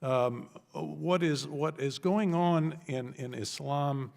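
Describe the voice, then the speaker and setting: A man testifying as an expert witness at a congressional hearing, explaining in a measured, lecturing way with pauses. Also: on the high side, vocal fry. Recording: reverberant hearing room.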